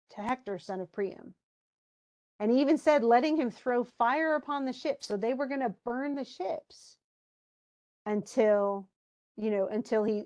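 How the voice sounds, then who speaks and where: An animated woman walks through a book chapter in a casual, conversational way. She speaks at a middle pitch and sounds like a teacher talking to her students.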